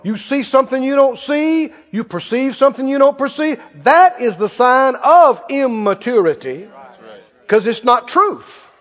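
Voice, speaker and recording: A male pastor delivering a sermon in a high, very lively voice, telling stories in a folksy way. The recording is dull and carries a long reverb from a large hall. He swings his pitch widely. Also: measured pace. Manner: animated, folksy storytelling. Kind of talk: sermon with storytelling.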